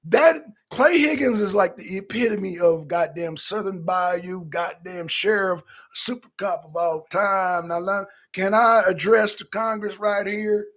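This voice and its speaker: Brief: husky man with a high voice, co-host doing a loose, profane, animated rant. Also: unhurried. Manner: animated, loose and profane, slips into quoting himself. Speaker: talk show co-host. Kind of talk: casual profane commentary.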